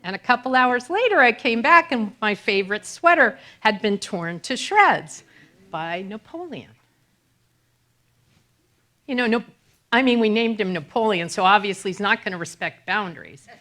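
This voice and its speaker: A middle-aged woman minister giving a conversational sermon, telling self-deprecating stories with animated delivery and laughter. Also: mid-range voice, normal speed.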